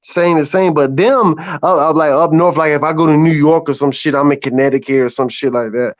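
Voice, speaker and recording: A man's voice: on the high side, fairly even intonation, fairly quick, no echo. A man in his thirties from South Carolina, with a Southern US accent, chatting casually on a stream, drawling and swearing freely. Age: 30s. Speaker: guest on a live stream panel. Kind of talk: casual chat. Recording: dull lo-fi call audio.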